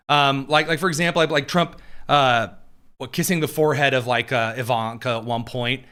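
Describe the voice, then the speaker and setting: A man's voice: medium pitch, steady tone, a little fast, bright, forceful tone, clean tone. A man hosting casual political commentary, sarcastic and jokey, with frequent fillers and asides.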